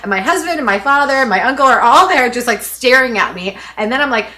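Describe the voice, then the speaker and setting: Bright-voiced woman in her thirties, dramatic storyteller. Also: a little high, lively intonation, fast, few pauses, slight background noise. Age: 30s. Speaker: podcast co-host. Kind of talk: casual chat.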